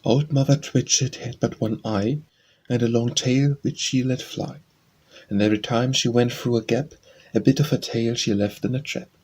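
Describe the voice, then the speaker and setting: A man's voice: medium pitch, steady tone, moderate pace, darkish tone, breathy edge. A man reading nursery rhymes aloud as an audiobook, in a sing-song, rhythmic recitation. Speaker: audiobook reader.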